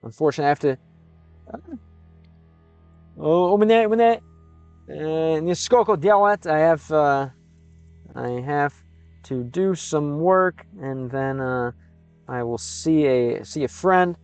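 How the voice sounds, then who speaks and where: A man, a native English speaker, live-streaming in a casual chat, sounding out Russian words slowly and thinking aloud as he thanks viewers. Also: a little high, a little mellow, smooth, no echo, lo-fi sound, soft background music.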